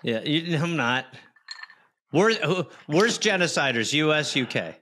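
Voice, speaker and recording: A man's voice: a little high, lively intonation, unhurried, bright, forceful tone, slight background noise. A man co-hosting a comedy podcast, firing off playful, sarcastic quips. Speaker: podcast co-host. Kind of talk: joking podcast banter.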